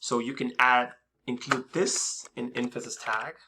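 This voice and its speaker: A man's voice: mid-range voice, level tone, a little slow, noisy background. A man teaching a screen-recorded coding lesson in a casual, hesitant way, with many fillers and restarts. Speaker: coding instructor.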